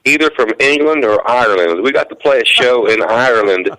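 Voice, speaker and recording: A man's voice: mid-range voice, animated, a little fast, sharp tone, poor audio. A man, a country musician and guest, talking in an easygoing, folksy way. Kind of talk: casual interview chat.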